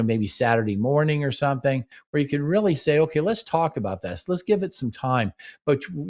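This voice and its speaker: A middle-aged man hosts a radio-style relationship advice show, speaking earnestly and acting out short sample conversations between partners. His voice is medium-pitched with a darkish tone.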